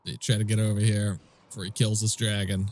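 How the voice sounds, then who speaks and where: A man's voice: lowish voice, little pitch movement, fairly quick, darkish tone. A man with a stuffy nose, casually commentating his game stream and chatting with viewers in a laid-back, swearing way.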